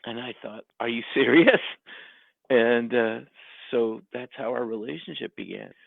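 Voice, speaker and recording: A gravelly-voiced man tells a story in a relaxed interview, laughing often and acting out the people he quotes. His voice comes through a thin, tinny phone line, dry and close. He keeps the telling lively and animated. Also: mid-range voice, a little slow, no room sound.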